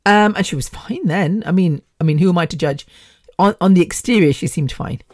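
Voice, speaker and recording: A woman in her fifties talks on her own podcast in a low, dry voice. She rambles and chats freely, with a swear word here and there. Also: a little fast, darkish tone, no echo. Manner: chatty and rambling, with swearing and laughs. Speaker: podcast host. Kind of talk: casual solo podcast chat.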